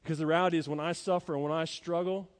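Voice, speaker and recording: A male pastor preaching a sermon in an earnest, folksy way, talking straight to the congregation and swinging between loud emphasis and quiet asides. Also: on the high side, steady tone, very fast, in a large hall. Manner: folksy, addresses the congregation directly.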